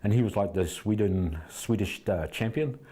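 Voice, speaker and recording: A man's voice: lowish voice, normal speed, dark tone, breathy edge. A middle-aged man, telling rambling anecdotes with many restarts as an interview guest. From New Zealand. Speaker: fight trainer, interview guest. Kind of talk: casual interview storytelling.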